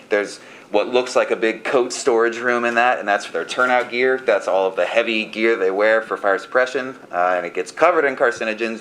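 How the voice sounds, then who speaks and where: A low-voiced man addresses a council meeting, earnest and eager as he explains things point by point. Faint noise is heard behind him. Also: fairly bright tone, poor audio. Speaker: council member.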